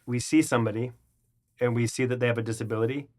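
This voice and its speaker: A man's voice: medium pitch, fairly even intonation, fast talker, a little mellow. Man, interview host, thoughtful, casual talk.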